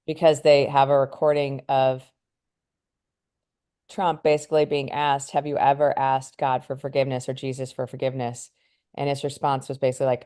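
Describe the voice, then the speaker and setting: A woman's voice: a bass voice, flat delivery, normal speed, warm tone. A woman co-hosting a podcast in casual chat, chatty and prone to tangents. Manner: camera shy. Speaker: podcast co-host.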